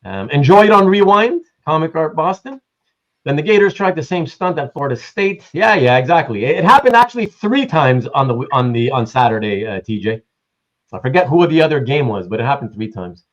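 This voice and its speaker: A man hosting a casual livestream who greets viewers and reads the chat aloud in a rambling, animated way. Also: high voice, highs cut off. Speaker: livestream host.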